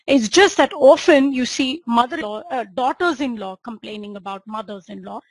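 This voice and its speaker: Husky-voiced woman teaching homeopathy. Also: on the high side, normal speed, no echo, poor audio. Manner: storytelling, acts out patient dialogue. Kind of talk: teaching lecture retelling a case.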